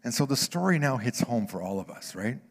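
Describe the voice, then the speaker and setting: Male pastor preaching in a reverberant hall; swings from near-whispers to loud bursts, with frequent restarts. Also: mid-range voice, big pitch swings, fairly quick. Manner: repeats words and restarts phrases. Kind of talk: sermon.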